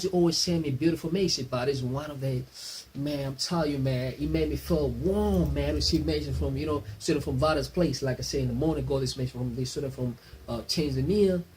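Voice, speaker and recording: A man's voice: fairly high pitch, a little hiss or hum, rough recording. Man who keeps saying "man". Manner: warm, repeats "man" constantly. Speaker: online maths tutor. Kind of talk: casual outro to viewers.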